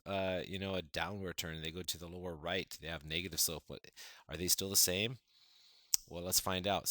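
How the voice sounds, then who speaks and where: A man's voice: sits low, bright, forceful tone, dry recording. A man teaching a math lesson, counting through steps with playful, enthusiastic exclamations.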